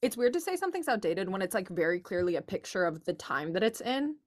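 Brief: young woman, mid-pitched, rambling casual book chat, talks around her points with lots of "like.". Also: very animated, fast talker. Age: young adult. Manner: chatty, many "like" fillers, thinks aloud. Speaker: book club podcast co-host.

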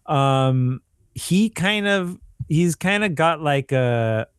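A man's voice: fairly high pitch, animated, takes it slowly, clear, resonant tone, no room sound, clean studio sound. A man co-hosting a casual podcast chat, rambling and searching for words with lots of fillers. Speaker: podcast co-host. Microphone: home microphone on a call.

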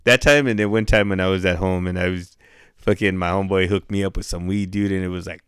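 A man's voice: sits low, fairly even intonation, fast talker, smooth, no room sound, clean studio sound. A middle-aged man telling stories in a casual chat, profane and laid-back, full of "dude" and "bro", acting out what people said.

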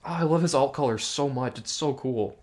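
A man's voice: mid-range voice, brisk, darkish tone. A young man co-hosting a podcast in casual chat, talking with enthusiasm and swearing often. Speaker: podcast co-host.

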